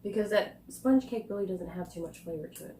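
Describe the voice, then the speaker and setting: A woman reviewing snacks in a casual taste-test vlog, chatting and thinking aloud with quiet asides. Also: medium pitch, brisk, a little hiss or hum. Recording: echoey room.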